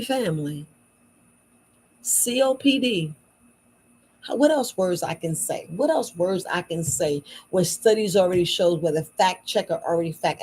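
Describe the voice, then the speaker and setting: A tired, worn-out woman chatting late at night in a low voice. She talks casually to her viewers as a shop owner, repeating words for emphasis in folksy phrasing. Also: darkish tone, breathy edge, rough recording. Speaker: herbal shop owner selling wellness patches. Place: at home at night.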